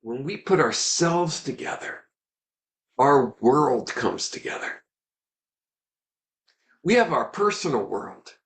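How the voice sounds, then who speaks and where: A man gives an earnest, animated webinar talk built around a story. His mid-pitched voice carries a noticeable gravelly fry. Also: slow, pauses often. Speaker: Ayurvedic teacher.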